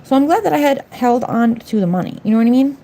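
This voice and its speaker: A woman's voice: a little high, animated, fast talker, dark tone. A middle-aged woman doing nails on a livestream, talking casually and bluntly, sassing viewers in the chat. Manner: blunt, sassy, talks back to chat viewers. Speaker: nail artist livestreaming.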